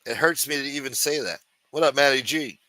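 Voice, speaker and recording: Man, livestream host, sarcastic and rambling, lots of swearing, bright crisp tone, dry close mic. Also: mid-range voice, brisk, dry recording. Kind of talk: casual profane commentary.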